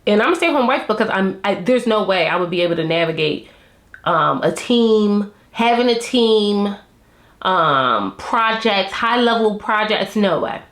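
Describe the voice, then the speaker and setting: A woman vlogging from home and chatting candidly with her viewers in loose, slangy talk. Her voice sits at an ordinary pitch for a woman, and she laughs often as she goes. The recording carries a noticeable roomy echo. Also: lively intonation, measured pace, a bit bright. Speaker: vlogger reviewing a reality show. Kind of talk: casual chat to camera.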